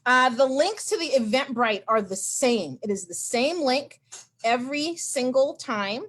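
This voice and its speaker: A woman hosting a video call, telling a story in a chatty, animated way and acting out the dialogue of the people in it. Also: high-pitched, a little slow. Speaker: meeting host.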